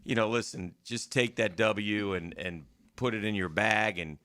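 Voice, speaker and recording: A man's voice: fairly low pitch, measured pace, fairly bright tone. A man hosting a sports radio show, chatting loosely about a football game and often repeating words as he goes. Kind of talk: casual sports talk. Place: radio studio.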